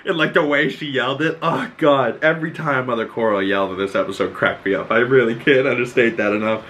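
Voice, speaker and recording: A man hosting a podcast, recapping a show in excitable casual chat, swearing freely and acting out the scenes. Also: medium pitch, fast, a little hiss or hum, poor audio. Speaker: podcast host.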